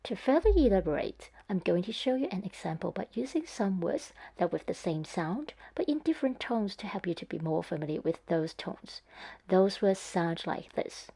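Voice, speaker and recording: A woman's voice: medium pitch, big pitch swings, moderate pace, creaky, dark tone, slightly rough. A woman narrating a scripted language lesson, speaking carefully and demonstrating tones one by one. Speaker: Cantonese teacher.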